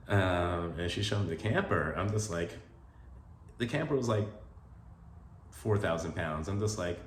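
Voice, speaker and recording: Deep-voiced man rambling through a personal story. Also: a little slow. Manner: rambling, many "like" fillers, emotional. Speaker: vlogger telling stories about his late partner. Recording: roomy echo with faint ambient noise.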